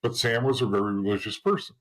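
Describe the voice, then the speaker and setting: A middle-aged man with a husky voice talks candidly as an interview guest. His voice sits on the low side. He rambles bluntly and keeps restarting his sentences. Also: fairly even intonation, fast, low-quality recording. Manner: rambling and blunt, with frequent restarts and "you know". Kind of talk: candid personal storytelling in an interview.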